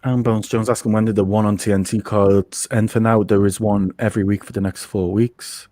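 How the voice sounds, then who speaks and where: A man co-hosting a live fight watch-along, chatting casually and jumping up in pitch when he reacts. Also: level tone, brisk, mellow, no echo. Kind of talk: casual live commentary chat.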